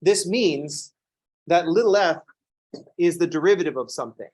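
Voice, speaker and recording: A man's voice: fairly high pitch, normal speed, a little mellow. A man teaching a college math class in a classroom, lecturing with wry jokes and playful asides.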